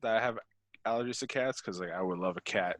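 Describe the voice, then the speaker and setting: A man's voice: fairly low pitch, quick pace, fairly bright tone. A man in casual chat at a book club, rambling with many fillers.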